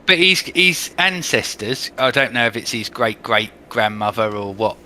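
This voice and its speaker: A man's voice: medium pitch, normal speed, sharp tone, a little hiss or hum. A man with an English accent in casual, blunt, joking chat as a podcast co-host. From England. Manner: blunt, swearing, bantering.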